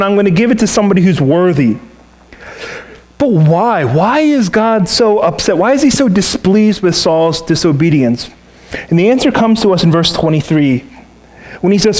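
A man's voice: high-pitched, muffled recording. A man preaching a sermon as a pastor, storytelling and acting out the voices he quotes. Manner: animated, acts out quoted voices.

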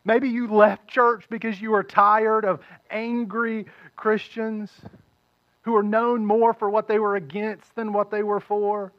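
A man pastor preaching a sermon, retelling a story with animated delivery and acting out the characters' voices. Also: high voice, unhurried, no echo, dull audio.

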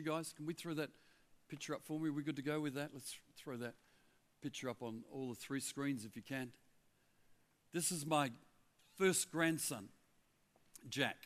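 An older man preaching a sermon to a congregation, telling stories with lively asides. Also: mid-range voice. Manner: animated, chatty storyteller with asides. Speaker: guest preacher, former pastor of the church. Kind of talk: sermon with personal storytelling. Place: church hall before a congregation.

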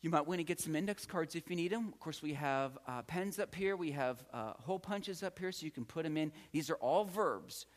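A man's voice: a little high, expressive, brisk, hardly any pauses. A man giving a patient, encouraging classroom lecture as a Greek teacher, often repeating key words. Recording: long hall reverb.

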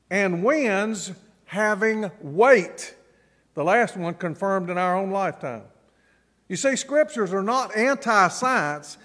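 A man's voice: sits high, a bit bright. A middle-aged male pastor preaching a sermon, telling stories and repeating key phrases for emphasis. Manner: storytelling preacher, dramatic pauses and emphatic repetition. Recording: long reverb of a large church hall.

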